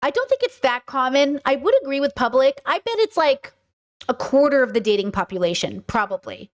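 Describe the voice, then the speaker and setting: A blunt woman streamer with a slightly high voice gives casual, opinionated commentary. She talks emphatically and keeps repeating her point until it lands. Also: lively intonation, a little fast. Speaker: streamer and host.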